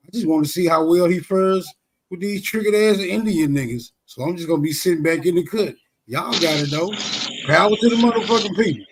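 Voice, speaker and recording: Man, Southern drawl, slightly higher voice, loose and teasing, heavy slang on a call. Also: fairly quick, slight background noise. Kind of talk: casual online panel chat.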